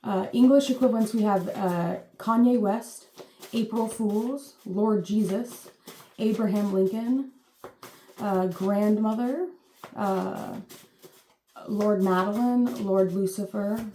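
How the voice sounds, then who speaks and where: A woman with a mellow, relaxed tone rambles through a casual reading, leaning on fillers and the odd playful curse. Her voice carries a roomy echo, with faint noise underneath. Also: mid-range voice, takes it slowly. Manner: chatty, meandering, full of fillers, swears playfully. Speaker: channel host giving intuitive readings.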